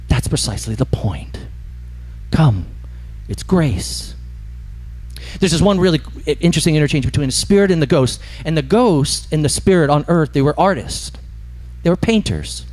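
A man preaching a sermon in an animated, emphatic storytelling manner. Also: fairly high pitch, normal speed. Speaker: pastor.

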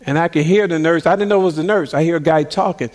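A man's voice: on the high side, quick pace, darkish tone. A middle-aged man preaching, telling a story and acting out the voices of the people in it, laughing as he goes. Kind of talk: sermon storytelling.

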